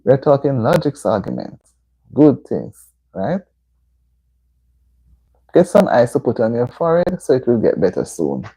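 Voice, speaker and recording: A woman's voice: rumbling low, huge pitch swings, unhurried, long pauses, dark tone, husky. A Jamaican woman hosting a casual livestream, chatting with viewers and answering their comments with motherly advice. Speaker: livestream host. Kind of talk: casual live-stream chat. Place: indoor room at home.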